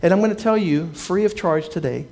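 A pastor preaching in a notably high voice for a man. He tells his stories with life and puts on the voices of the people in them, moving between quiet asides and louder punchlines. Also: a little fast. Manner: storytelling, acting out the people he quotes. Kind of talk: sermon.

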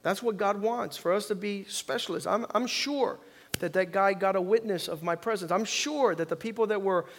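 A man preaching a sermon as pastor, calling on the congregation to repeat lines and swinging from quiet reflection to loud emphasis. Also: sits high, moderate pace. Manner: preaching with call-and-response, swings from soft to loud.

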